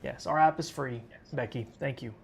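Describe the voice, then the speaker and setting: A man's voice: mid-range voice, moderate pace, vocal fry, husky. A man from western Arkansas hosting a live weather stream, casually talking straight to viewers and answering chat. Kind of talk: live storm coverage, reading chat.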